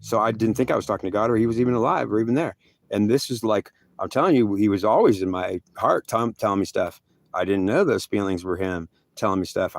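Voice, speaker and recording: An older man telling his own story in a rambling, intense monologue, harshly critical of himself. His voice sits low with a gravelly edge. The sound is dry and close, with no room echo. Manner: rambling, intense, self-critical, frequent restarts. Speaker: veteran storyteller. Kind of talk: emotional personal monologue.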